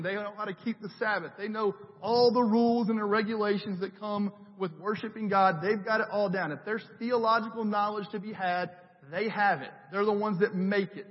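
A man with a high voice preaches in a relaxed, conversational way, hammering his points home through repeated phrases. The recording is dull and lo-fi, and his voice rings out with a long reverb that fills the church sanctuary. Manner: conversational, builds with emphatic repetition. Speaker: pastor. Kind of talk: sermon.

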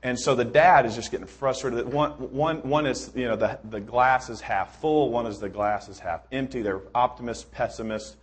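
A man's voice: medium pitch, normal speed, hardly any pauses, slightly rough. A man preaching a sermon in a casual, rambling way, with joking asides and many restarts.

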